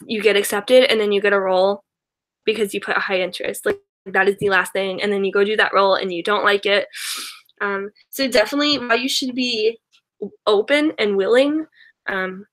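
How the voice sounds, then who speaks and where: At a moderate pace, a young adult woman with a steady, fairly bright mid-range voice responds to her live chat as a YouTuber. Her talk is casual and meandering, loaded with fillers and restarts and frequent laughter.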